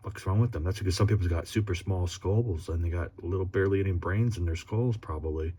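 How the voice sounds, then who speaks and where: A man's voice: deep voice, brisk, warm tone, breathy edge. A man on a casual vlog, reading text aloud in a rambling way with chuckles and blunt, profane asides. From Philadelphia area. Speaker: sports fan vlogger.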